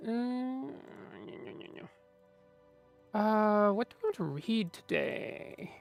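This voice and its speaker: Woman, streamer, casual chat, rambling, fillers, mid pitch. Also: animated, slow, gravelly, faint music behind. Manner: rambling, lots of fillers and mumbling while searching. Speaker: streamer chatting with viewers.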